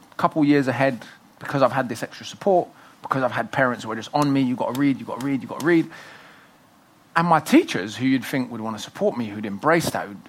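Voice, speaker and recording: A man, a guest author speaking fast and emphatically in a festival interview. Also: mid-range voice. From Britain. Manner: fast, animated, emphatic storytelling.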